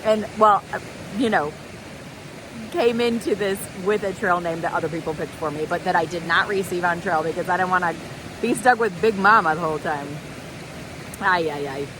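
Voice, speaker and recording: Her voice sits on the low side and moves at a moderate pace as she chats to the camera, giggling and telling stories about her hike. The thru-hiker vlogger is outdoors beside a waterfall and creek in a noisy recording.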